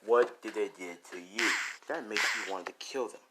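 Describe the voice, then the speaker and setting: A man's voice: fairly low pitch, moderate pace, very noisy, close to an everyday voice. A man playing a stern interrogating hero. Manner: stern, insistent. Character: stern adult male hero questioning a boy.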